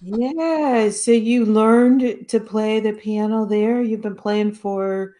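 A woman hosting a casual interview, chatty and quick to laugh. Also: medium pitch. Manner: laughs often, relaxed and chatty. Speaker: show host.

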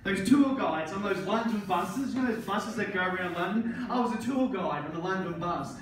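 A man's voice: high-pitched, expressive, normal speed, far from the mic. An Australian man doing a crude stand-up set at an open mic, often laughing at his own jokes. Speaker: stand-up comedian. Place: small pub open mic stage, indoors. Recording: echoey pub room with crowd noise. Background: crowd laughter and chatter.

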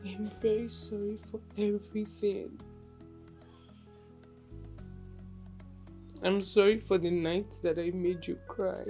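A woman's voice: medium pitch, darkish tone, lightly acted. An actress with a Nigerian accent playing a young married daughter, sorrowful and apologetic toward her mother. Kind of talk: Nollywood film acting.

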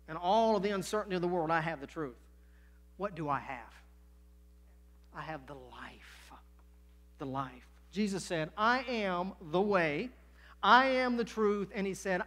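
A man's voice: fairly high pitch, fairly bright tone. A man preaching a sermon as pastor, folksy and direct, full of rhetorical questions, recorded in a church sanctuary.

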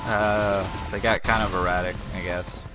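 Speaking at a moderate pace in a low voice with little pitch movement, a man hosts a let's play with game music behind him. The gameplay commentary is casual and loose, with frequent restarts and some swearing.

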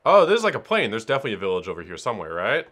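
A man casually commenting on his own gameplay, excitable and swearing, talking to himself as he plays. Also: on the low side, very fast. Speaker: let's player.

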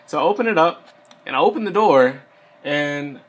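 A man's voice: on the high side, expressive, moderate pace, fairly bright tone. A young man sitting down and talking casually in a rambling, filler-heavy way, sharing advice as an Air Force enlistee. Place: seated indoors.

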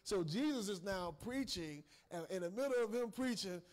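A man's voice: sits high, animated, normal speed. A man preaching a sermon in a folksy way, laughing and calling out to his congregation. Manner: folksy, laughing asides, calls and responses to the congregation.

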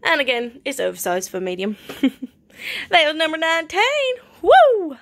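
A playful, chatty woman with a fairly high voice walks through clothes she is selling. She talks casually at home, now and then dropping to a soft whisper or trying out silly put-on accents. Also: huge pitch swings, moderate pace. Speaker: online clothing reseller. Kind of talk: casual product showcase.

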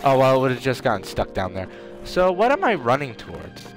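A man doing excitable let's play commentary, trash-talking the enemies in his game. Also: mid-range voice, normal speed, soft background music. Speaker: gamer.

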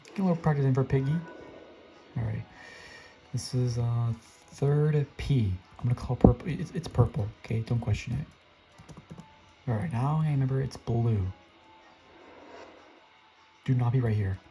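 A young man giving excitable live commentary while playing a game, his voice jumping up high when he gets scared. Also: unhurried, long pauses, soft background music. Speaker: gaming video creator.

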